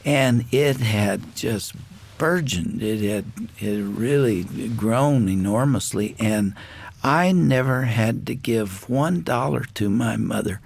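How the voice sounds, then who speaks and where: A male radio host telling a family story in an unhurried, reflective way, often pausing with "uh.". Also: mid-range voice, gravelly, no echo. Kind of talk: storytelling in a studio conversation.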